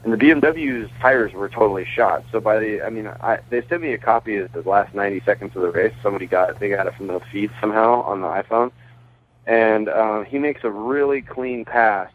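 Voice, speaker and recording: A somewhat low-voiced man comes through a thin, phone-like line as a radio guest. He talks casually and keeps correcting himself mid-sentence, with a good-humored laugh never far away. He tells long stories with easy enthusiasm. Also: fairly quick. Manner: chatty, self-correcting, laughs while talking. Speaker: guest, pitcher and race team owner. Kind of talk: phone interview, casual storytelling.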